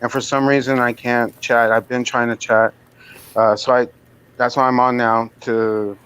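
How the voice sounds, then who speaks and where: A man speaks haltingly and sincerely, pausing often with fillers. His voice sits at a middle pitch, and the stream audio sounds dull and lo-fi. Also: clear, resonant tone. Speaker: channel moderator. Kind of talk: casual memorial remarks on a live stream.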